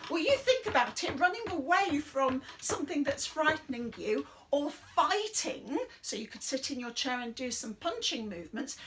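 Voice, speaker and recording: A middle-aged British woman leading a chair exercise class in a chatty, rambling, encouraging way, breathing deeply and a little out of breath. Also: big pitch swings, moderate pace, few pauses, fairly bright tone, a little hiss or hum. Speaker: fitness instructor. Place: indoors under a big light.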